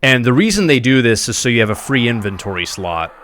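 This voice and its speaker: A man streaming a game live, giving animated, mocking commentary with laughs. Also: medium pitch, brisk, a little hiss or hum.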